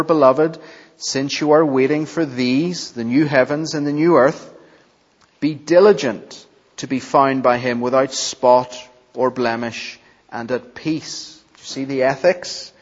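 A male preacher delivers a sermon at a slow, deliberate pace, stressing and repeating key phrases. He often turns to the congregation with questions. His voice rings with the long reverb of a large church, on a dull recording. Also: mid-range voice, steady tone. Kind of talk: expository sermon.

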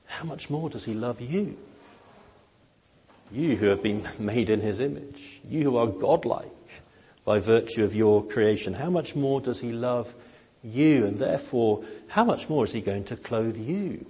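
A man preaching a sermon in a slow, gentle, earnest way, with emphatic rises. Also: fairly low pitch, breathy edge. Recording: long hall reverb.

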